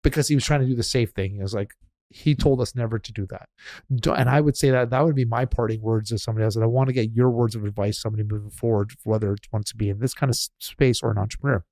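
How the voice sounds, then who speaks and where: A male podcast host talking quickly and loosely, piling up restarts as he chats with his guest. His voice sits in a middle pitch and the sound is dry and close, with no room around it. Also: fairly even intonation, darkish tone, no room sound. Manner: fast, chatty, restarts and laughs. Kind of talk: casual interview chat.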